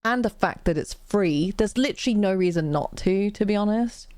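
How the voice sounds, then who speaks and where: A British woman with a medium-pitched, darkish voice chats casually on a live stream at a moderate pace. Her stories ramble, she keeps interrupting and restarting herself, and she laughs a lot. The recording has no room sound.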